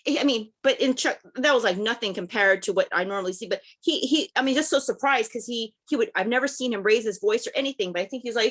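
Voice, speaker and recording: A woman sharing memories of a late coworker at a community memorial, halting often and restarting her sentences. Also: a little high, a bit bright. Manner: halting, many restarts and fillers, laughing fondly. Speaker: memorial speaker, former coworker. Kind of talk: personal tribute at a memorial.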